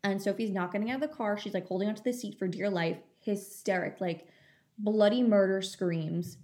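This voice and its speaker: A woman's voice: mid-range voice, fairly even intonation, normal speed, a little mellow. A young woman telling a long story in casual chat, full of fillers. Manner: chatty storytelling, many fillers.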